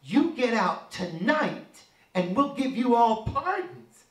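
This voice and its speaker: Brief: a man doing a wheedling, whispering female politician impression, slow. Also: very high-pitched, big pitch swings, fairly bright tone, full character voice. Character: scheming female vice-president, hushed. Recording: echoey room, voice from a distance.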